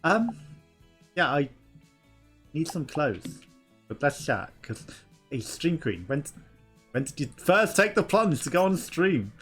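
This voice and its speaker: A man's voice: fairly high pitch, animated, a little slow, pauses often, a bit bright. A young man hosting a let's play, chatting casually, laughing and reading game dialogue aloud. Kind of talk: casual gameplay commentary. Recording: game music behind.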